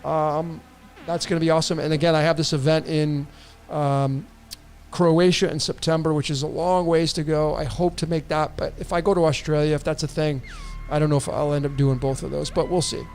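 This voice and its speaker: Rambling high-voiced man reading tarot. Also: steady tone, fairly quick, darkish tone, faint music behind. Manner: rambling, repetitive restarts, casual swearing. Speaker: tarot reader and livestream host. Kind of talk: casual livestream reading.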